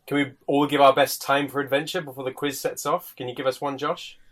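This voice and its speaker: A man's voice: mid-range voice, flat delivery, brisk, fairly bright tone. A man hosting a podcast over a video call and running a quiz, joking at his own expense and laughing often. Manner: jokey, self-deprecating, laughs often. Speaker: podcast host and quizmaster. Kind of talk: casual podcast chat.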